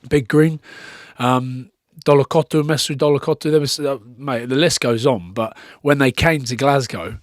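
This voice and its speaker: Animated man telling stories on a podcast. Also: medium pitch, moderate pace, hardly any pauses, no room sound, studio quality. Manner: animated storyteller, laughs often, voices others. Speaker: podcast guest. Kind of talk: casual chat.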